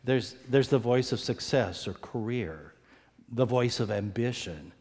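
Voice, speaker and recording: A man preaching an earnest sermon, often repeating words as he goes and acting out quoted voices with big swings in pitch. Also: animated, unhurried, darkish tone, slightly rough. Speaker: pastor. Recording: long hall reverb.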